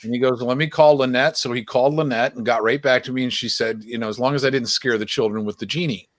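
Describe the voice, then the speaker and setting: A man's voice: mid-range voice, fast, no echo. A man who is a guest magician telling a long anecdote on a video call, acting out the dialogue as he goes. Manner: acts out quoted dialogue in lively retelling. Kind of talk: anecdotal storytelling.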